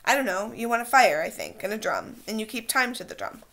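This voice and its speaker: Maurice, a woman reading as a lively, excitable boy. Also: on the high side, brisk, vocal fry, exaggerated voice. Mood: enthusiastic.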